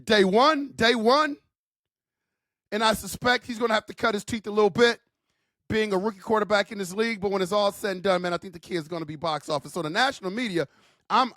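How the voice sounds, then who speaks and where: His voice sits high with a fairly bright tone as this man runs his own football channel, voicing emphatic, fired-up opinions. He's slangy and casual, keeps addressing listeners as "man," and repeats his points; the sound is dry and studio-clean.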